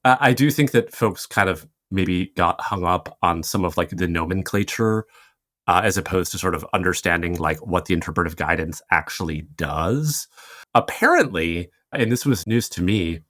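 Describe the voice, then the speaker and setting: A man's voice: deep voice, lively intonation, a bit bright, no room sound, studio quality. A man appearing as a podcast guest who explains regulation at length in a casual, talkative way. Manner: explanatory, quick asides, laughs easily. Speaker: podcast guest, fintech commentator.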